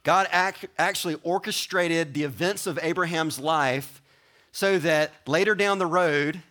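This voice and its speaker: A pastor delivers a sermon in a conversational, animated way, turning aside now and then to address the congregation. His voice sits a little high, and he takes his time.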